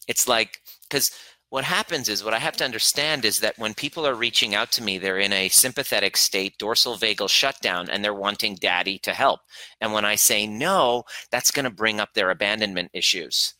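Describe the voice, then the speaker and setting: A relationship coach leads a live online workshop on boundaries, speaking bluntly, swearing freely, and acting out the voices in his head. His lowish voice is pushed and bright at a moderate pace, with no room sound but poor audio overall.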